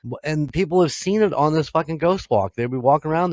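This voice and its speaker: A man's voice: fairly high pitch, fast talker, a little mellow, no echo. A man co-hosting a paranormal podcast in casual chat, rambling and swearing freely, laughing often. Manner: profane, laughing, rambling storyteller. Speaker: podcast co-host.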